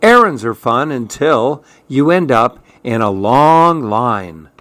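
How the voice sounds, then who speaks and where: A man reading a children's picture book aloud in a gentle, playful way. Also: medium pitch, animated, dry recording. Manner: gentle, playful, slow storytelling. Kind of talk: storybook read-aloud.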